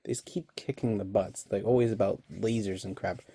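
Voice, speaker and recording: A man's voice: on the low side, fairly even intonation, a little fast, creaky, warm tone, slightly rough, dry recording. A young man casually recapping an episode, rambling and laughing often. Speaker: online reviewer.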